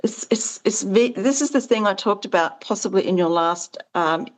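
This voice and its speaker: A woman's voice: mid-range voice, moderate pace. A woman being interviewed as the founder of a farming support business, talking earnestly and with animation, her voice jumping up when she acts out quoted exchanges. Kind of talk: conversational interview.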